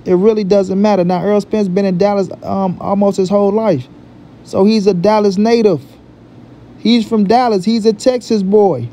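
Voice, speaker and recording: A man's voice: sits high, steady tone, normal speed, warm tone, a little hiss or hum. A man hosting a boxing vlog, giving his opinion in emphatic, repetitive talk full of profane street slang. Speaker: boxing commentary vlogger.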